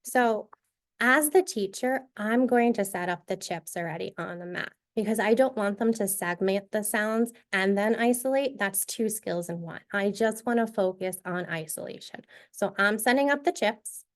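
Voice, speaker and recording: In a medium-pitched voice at normal speed, a female presenter models a reading activity for teachers in training. She walks through each step clearly and instructively.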